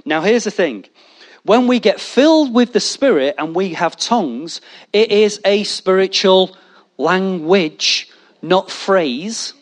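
A man preaching a sermon, animated and jokey, talking straight to his congregation. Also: high-pitched, slow pace. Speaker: pastor.

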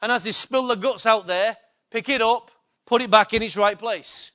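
Male preacher, high voice, emphatic sermon delivery, repeats lines, quizzes the congregation. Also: normal speed, sharp tone. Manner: emphatic, repetitive, asks the congregation questions. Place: church.

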